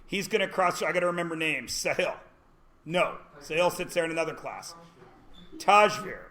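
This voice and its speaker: A man's voice: a little high, expressive, moderate pace, sharp tone. A man teaching a classroom lesson, joking and quizzing his students as he goes. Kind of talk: classroom lecture.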